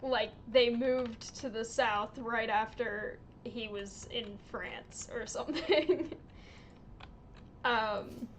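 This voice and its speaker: A woman livestreaming a game, chatting casually in an unhurried way, with lots of little laughs and ums. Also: on the high side, slight background noise. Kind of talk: casual chat while streaming a game.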